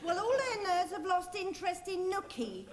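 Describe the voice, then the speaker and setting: A woman's voice: extremely high pitch, big pitch swings, normal speed, echoey room. A woman playing a pompous, formal alien envoy in a comedy sketch. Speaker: comic actor in a sketch. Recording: studio with audience laughter.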